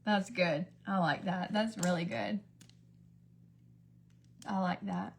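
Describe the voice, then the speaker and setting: Woman beauty vlogger, casual rambling chatter, mid pitch, faint hum behind. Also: fairly even intonation, slow, vocal fry. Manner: rambling, chatty, drifts between stories. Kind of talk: casual get-ready-with-me livestream chat.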